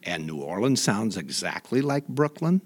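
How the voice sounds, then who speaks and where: A man from Indiana, a guest in an interview, telling stories in a halting way with many restarts. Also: fairly low pitch, sing-song. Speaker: guest, voice imitator. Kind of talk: reflective conversational storytelling.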